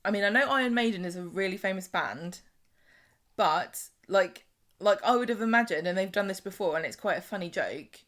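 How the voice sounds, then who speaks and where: A woman's voice: medium pitch, lively intonation, fairly quick, a bit bright. A woman co-hosting a podcast, chatting casually as she recaps a soap opera and acts out the characters' lines. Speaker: podcast co-host.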